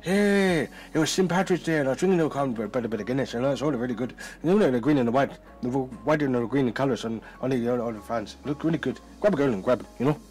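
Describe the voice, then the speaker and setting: A man's voice: mid-range voice, quick pace, few pauses, darkish tone, soft background music, natural voice, low-quality recording. A man voicing a tipsy, cheery Irish man on Saint Patrick's Day, speaking in a put-on Irish accent and rambling jokily. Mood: tipsy jolly.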